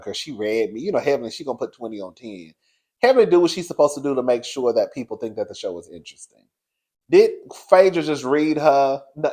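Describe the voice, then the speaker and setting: A man giving casual commentary on a reality show, sassy and frank, laughing often, with big swoops in pitch. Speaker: reality TV reviewer.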